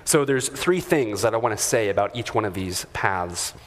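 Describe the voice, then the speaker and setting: A man preaching a sermon in a church, talking in a relaxed, conversational way with fillers and chuckling asides. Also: fairly low pitch, normal speed. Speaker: pastor. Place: church sanctuary. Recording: long hall reverb.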